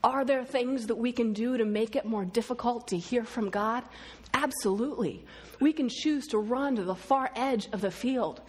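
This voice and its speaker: A middle-aged woman giving a sermon, telling stories and quoting others in lively voices. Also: a little high, normal speed, slightly rough. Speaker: speaker.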